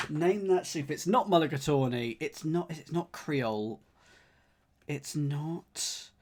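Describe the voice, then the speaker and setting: Slow-talking man with a slight lisp. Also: a little high, breathy edge. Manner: muttering, sighing, trailing off while puzzling. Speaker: puzzle streamer. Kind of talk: thinking aloud while solving a crossword.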